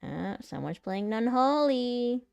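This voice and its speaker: A woman's voice: a little high, very animated, slow, vocal fry, darkish tone, clean tone, no echo, faint music behind. A young woman streamer practicing voice acting, chatting casually and laughing at herself between takes. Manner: giggly, self-mocking, chatty. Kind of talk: casual live-stream chat.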